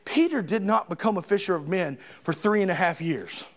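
A middle-aged man preaching a sermon, animated and dramatic, acting out Bible characters as he tells their stories. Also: sits high, a little fast.

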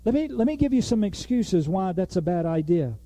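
A man's voice: sits high, brisk, dry recording. A man preaching a sermon in a conversational way, now and then acting out the people in the text. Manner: conversational, animated, acts out quoted lines.

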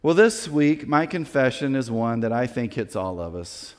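A man preaching a sermon as a pastor, telling a personal story in a lively way and acting out the people in it. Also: mid-range voice, moderate pace, in a large hall. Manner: animated storyteller acting out quoted voices.

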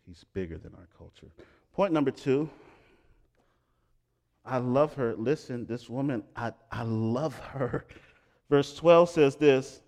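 A middle-aged male pastor preaching a sermon, swinging between loud emphatic lines and hushed quiet ones. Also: medium pitch, unhurried.

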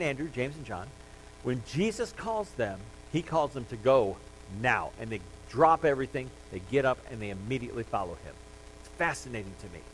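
A man's voice: medium pitch, slight background noise, poor audio. A male pastor preaching a sermon in a conversational, joking way, reading scripture aloud.

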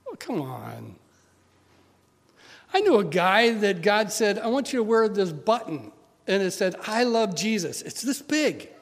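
A man preaching a sermon, telling stories and swinging from loud urging to quiet, intimate asides. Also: high-pitched, sing-song, measured pace, creaky. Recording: long hall reverb.

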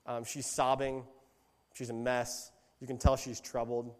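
A man gives a relaxed, conversational sermon in a church hall, retelling the story as he goes and correcting himself mid-sentence. His voice sits in a middling range. A long reverb from the big room trails after each phrase. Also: medium pitch, a little slow. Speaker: lay preacher.

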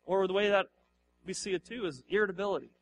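A man's voice: high voice, quick pace, faint music behind. A man in his thirties, a pastor giving a casual sermon to a live audience, conversational and playful, often asking the crowd questions. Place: church hall before a live audience.

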